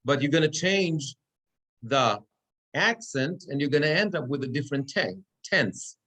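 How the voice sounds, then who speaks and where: A man's voice: a little high, fairly bright tone. Man teaching a class, checking in often. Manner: explains step by step, checks in with "okay?" and "right?". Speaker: cantor teaching Torah reading. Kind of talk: classroom lecture. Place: synagogue classroom.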